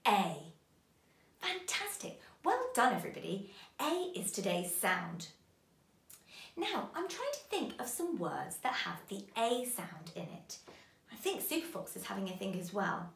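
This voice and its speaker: A woman teaching a phonics lesson to young children, speaking in a slow, sing-song, encouraging way. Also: medium pitch, very animated, gravelly, a bit bright. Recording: roomy echo.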